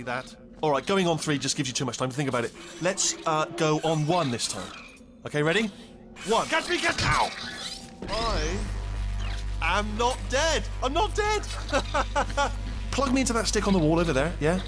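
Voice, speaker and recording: A jittery robot core. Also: male voice, on the high side. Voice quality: excitable, rambling, exclamatory. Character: chatty nervous male robot personality core. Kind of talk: video game voice acting.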